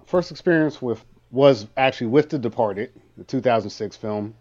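A man's voice: mid-range voice, moderate pace, a little mellow, dull audio. Laid back guy cohosting a movie show, jokey, laughs through his stories. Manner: laughing, joking storyteller. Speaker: co-host of a movie comparison show. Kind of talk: casual podcast chat.

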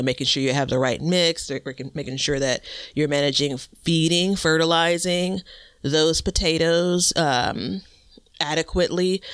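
A man co-hosting a laid-back gardening chat, his voice is bright and crisp, a little higher than most men. He talks in an easygoing, self-deprecating way with plenty of fillers. The sound is close and dry, recorded at a home computer mic. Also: no room sound. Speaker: podcast co-host.

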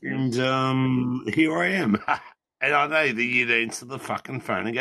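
A man's voice: mid-range voice, normal speed, bright, forceful tone, no room sound. A slightly drunk man, chatting casually on an online call and swearing constantly as he rambles. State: a bit drunk. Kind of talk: casual chat.

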